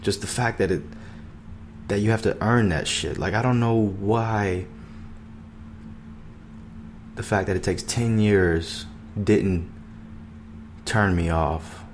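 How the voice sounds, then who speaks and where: A man's voice: on the low side, a little slow, a little hiss or hum. A young man hosting his own podcast, talking in a loose, profane, rambling monologue full of fillers. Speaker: podcast host.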